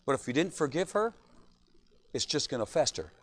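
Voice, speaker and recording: A man's voice: on the high side, big pitch swings, moderate pace. A middle-aged man, a pastor, preaching a sermon in a church, joking often and asking "right?" again and again.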